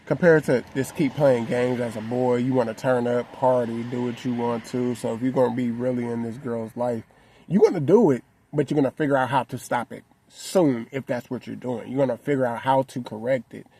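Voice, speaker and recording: A man's voice: mid-range voice, fairly even intonation, brisk, few pauses, mellow. A man in a parked car, talking earnestly and heartfelt to his viewers in a casual, conversational way. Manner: earnest, heartfelt, conversational with frequent "you know what I'm saying". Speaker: vlogger. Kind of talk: reflective personal talk to camera.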